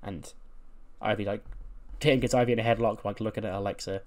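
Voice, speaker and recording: A man's voice: on the low side, fairly even intonation, fast. Casual rambling man narrating a game. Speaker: game streamer. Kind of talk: narrating a wrestling sim playthrough.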